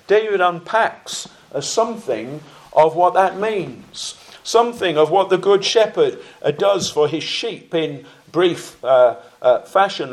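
A middle-aged man preaching a sermon, slow and deliberate, with fillers and phrases that trail off quietly. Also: mid-range voice.

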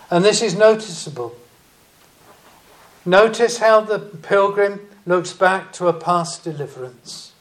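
Man, preacher, sermon, high-pitched, unhurried, emphatic. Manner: slow, deliberate preaching with emphatic rises.

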